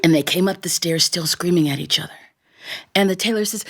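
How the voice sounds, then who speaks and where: A woman storyteller telling a folktale live in a studio, animated and chuckling between lines. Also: on the low side, brisk. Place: recording studio.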